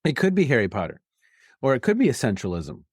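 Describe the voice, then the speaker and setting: A man's voice: medium pitch, wildly swooping pitch, fast, darkish tone, breathy edge, no echo, studio quality. A man hosting an interview, reflecting on the guest's points and asking open questions. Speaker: podcast host.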